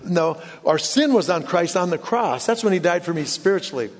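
A man preaching a sermon in an earnest way, often dropping to hushed low tones for emphasis. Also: lively intonation, normal speed. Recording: long hall reverb.

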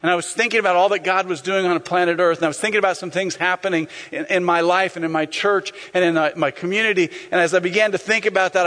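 A man preaching a sermon as a pastor, animated, acting out scenes and sometimes shouting. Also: high-pitched, big-room sound.

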